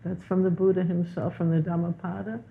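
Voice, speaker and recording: A woman's voice: fairly low pitch, a little fast, creaky. Woman telling stories over a tinny line. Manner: animated storyteller, repeats words for emphasis. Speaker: guest teacher. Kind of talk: spiritual conversation.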